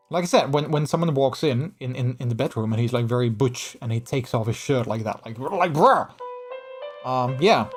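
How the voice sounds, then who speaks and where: A man chatting casually on a live stream in an animated, gushing way, full of restarts. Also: medium pitch.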